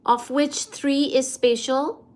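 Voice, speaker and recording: A young adult woman hosting a casual physics study stream, thinking aloud and answering viewer chat with animated, expressive delivery. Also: high voice, slow pace. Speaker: livestream science host reading viewer chat.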